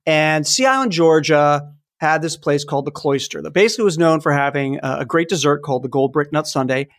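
A man in his fifties hosting a podcast, telling childhood stories in a casual, animated way. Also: on the high side, brisk. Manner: animated storytelling, acts out toy sounds. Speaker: podcast host. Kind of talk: casual chat.

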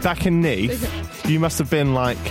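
A man's voice: on the high side, animated, unhurried, over music. A young man hosting a podcast, chatting casually, playful and teasing, often restarting his sentences. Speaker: podcast host.

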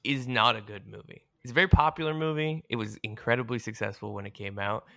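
A man's voice: medium pitch, fast, gravelly, a bit bright, dry recording, clean studio sound. A man co-hosting a casual podcast, swearing often and delivering blunt hot takes. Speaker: podcast co-host.

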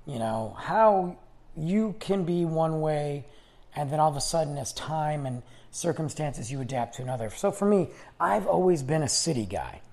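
A fairly high-pitched, slightly mellow voice with vocal fry belongs to this man, who hosts his own podcast. He talks alone in a rambling, chatty way, often starting sentences over while his voice fades.

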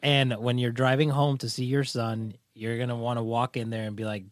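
A young man chatting as a podcast co-host, animated and laughing easily. His voice sits at a middling pitch. The recording is dry and close, with no room sound. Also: normal speed, no room sound. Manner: animated, laughs often, says bro. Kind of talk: casual podcast chat.

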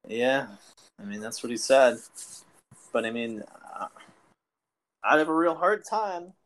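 A man's voice: mid-range voice, lively intonation, unhurried, rough recording. Joking man telling a story on a podcast. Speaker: podcast co-host. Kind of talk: casual chat.

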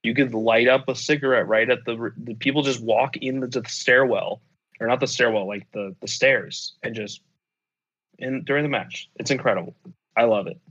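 A man's voice: mid-range voice, steady tone, normal speed, fairly bright tone, slightly rough, dull audio. A man telling a rambling, profane story in casual chat, full of fillers and restarts. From United States.

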